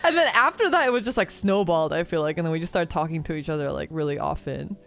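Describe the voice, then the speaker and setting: A woman's voice: sits low, animated, quick pace, creaky, fairly bright tone, faint music behind. A young woman from the United States hosting a stream, chatting casually and laughing often. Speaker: streamer host. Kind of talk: casual chat.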